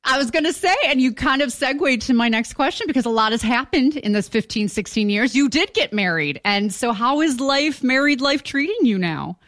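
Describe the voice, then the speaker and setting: Brief: female interview host, enthusiastic, quick laughs, a bit high-pitched. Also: lively intonation, a bit bright. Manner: bubbly, laughs often, enthusiastic. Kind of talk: casual interview conversation.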